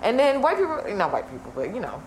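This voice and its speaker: In an echoey room with some faint noise, a female podcast co-host chats casually, hammering her points home through repetition and a bit of profanity. She talks quickly in a mid-range voice that swings hugely in pitch.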